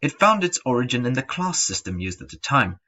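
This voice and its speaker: A man's voice: medium pitch, sing-song, fairly quick, sharp tone. A young man presenting a school slideshow, reading steadily from a script with the odd stumble. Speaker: student presenter. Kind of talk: read-aloud slideshow presentation. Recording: dull lo-fi home recording.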